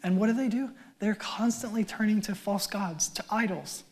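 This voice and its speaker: A male pastor preaching a conversational sermon with wry asides, his voice swelling loud and then dropping nearly to a whisper. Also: high voice, normal speed.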